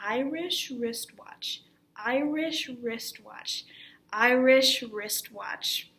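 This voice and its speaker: A woman teaching acting on camera, her voice sitting fairly high for a woman. She speaks slowly and shapes each word with deliberate care. Her manner stays encouraging throughout. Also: fairly bright tone. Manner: clear, deliberately articulated speech; encouraging instructor. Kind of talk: online acting lesson.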